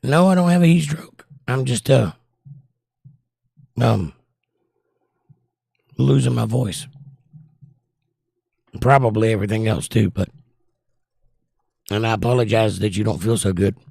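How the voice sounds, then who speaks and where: A hoarse, squeaky-voiced man hosting a casual livestream and reading chat messages aloud in a wry, blunt way. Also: measured pace, pauses often, a little mellow, no room sound, studio quality. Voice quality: squeaky, croaky. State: hoarse, losing his voice.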